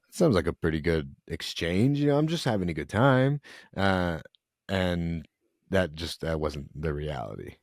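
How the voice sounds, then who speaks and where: A young man, a podcast guest, telling an emotional personal story in an earnest, halting way. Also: low-pitched, big pitch swings, no room sound, studio quality. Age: young adult.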